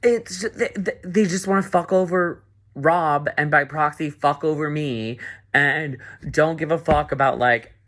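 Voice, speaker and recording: A man's voice: a little high, unhurried, fairly bright tone. A man giving a frustrated confessional as a game contestant, swearing and repeating himself. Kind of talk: confessional rant.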